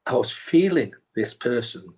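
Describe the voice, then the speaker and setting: A guest tells a story in conversation, acting out the dialogue and restarting often as he recounts events. His mid-range voice is slightly rough and very animated, moving at a measured pace.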